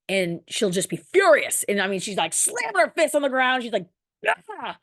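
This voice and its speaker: A woman's voice: a little high, very animated, brisk, a bit bright, dry recording, studio quality. A woman in her thirties hosting a podcast, talking candidly and emotionally in a personal monologue and swearing casually. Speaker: podcast host.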